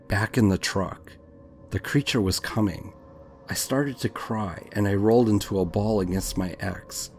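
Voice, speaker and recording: A man's voice: low voice, measured pace, vocal fry, darkish tone, faint music behind. A man reading a true scary story aloud in a dramatic, tense scripted narration.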